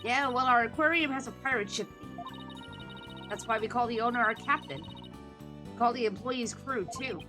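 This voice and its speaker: A woman's voice: fairly high pitch, moderate pace, long pauses, close to an everyday voice. A woman reading an earnest young showgirl. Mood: pleading. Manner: earnest, pun-loving. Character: upbeat young woman performer, pleading for a friend. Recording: game music behind.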